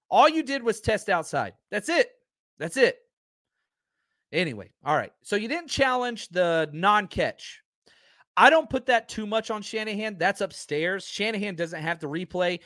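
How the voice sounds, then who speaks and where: Male livestream host, heated sports rant, high lively voice, dry mic. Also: measured pace, no echo. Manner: fired-up, ranting, reads viewer comments.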